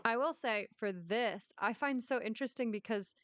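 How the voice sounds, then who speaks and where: A woman's voice: fairly high pitch, normal speed, fairly bright tone, no echo. A woman co-hosting a casual book podcast, musing with hesitant restarts. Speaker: podcast co-host.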